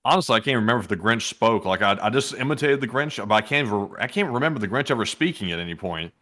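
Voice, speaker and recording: A man's voice: mid-range voice, lively intonation, fast talker, a bit bright. A man co-hosting a casual show, making brief joking remarks. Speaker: co-host. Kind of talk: casual chat.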